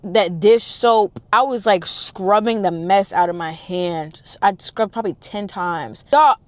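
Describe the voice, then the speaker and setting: A young woman telling a storytime, in casual chat and straight to her listeners. Her voice sits at a middling pitch and swings from loud, excited outbursts down to quiet, hushed asides. She is slangy and swears freely. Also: measured pace, no room sound. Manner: animated, swinging between loud exclamations and hushed low asides; addresses listeners directly, slangy and profane.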